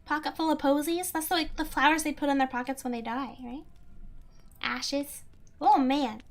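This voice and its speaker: Young woman, streamer, high voice, casual rambling chat, giggly. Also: steady tone, moderate pace.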